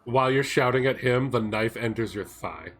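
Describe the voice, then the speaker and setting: A man's voice: medium pitch, normal speed, a bit bright. A man running a tabletop role-playing game as game master, narrating events and calling for dice rolls, often breaking into laughter.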